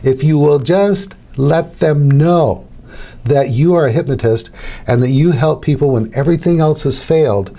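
A man's voice: fairly high pitch, normal speed, warm tone. A middle-aged man who works as a hypnotist, teaching other hypnotists in a casual, conversational way. He repeats his key phrases and acts out little dialogues. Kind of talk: instructional talk to camera.

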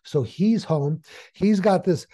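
A man teaching hypnosis, telling a story in an animated, folksy way. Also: high voice, slow pace. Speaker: hypnosis trainer. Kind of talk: storytelling lesson.

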